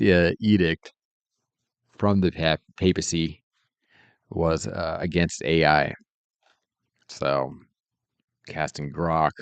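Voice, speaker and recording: While working on stream, a man chats in an easygoing, meandering way and chuckles often. His voice sits low and is both creaky and smooth, with no echo.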